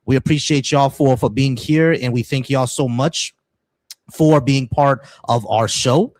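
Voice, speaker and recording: A man's voice: medium pitch, measured pace, darkish tone, no room sound. Man host, brash, talking to viewers, dry close sound. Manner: brash, addresses the audience directly. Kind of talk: casual live-stream chat.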